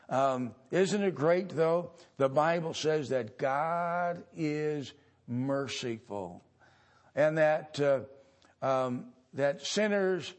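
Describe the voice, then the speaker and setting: Preaching with a somewhat high voice, a U.S. male pastor stops and starts, leaning on fillers and long pauses. At points he works up to louder, more forceful emphasis.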